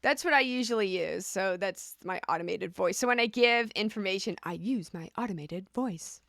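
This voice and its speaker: A woman's voice: a little high, animated, moderate pace, few pauses, a bit bright, no room sound, clean studio sound. A woman vlogging casually, explaining things chattily and often repeating a rhetorical "right?".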